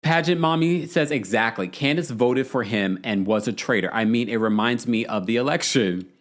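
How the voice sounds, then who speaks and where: A man with a mid-range voice and moderate pace hosts a livestream podcast, chatting informally, voicing viewer comments, and delivering blunt, exasperated rants.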